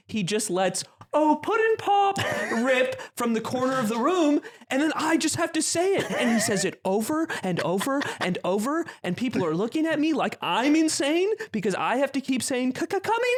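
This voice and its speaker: A man telling a long story in a casual podcast chat, animated and often laughing as he goes. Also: very high voice. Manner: animated, laughing, restarts phrases.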